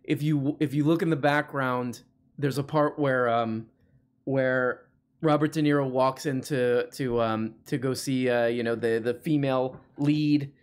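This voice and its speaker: A man hosts a casual livestream call-in show, his mid-range voice steady and a little slow. He rambles and jokes, filling his talk with plenty of fillers.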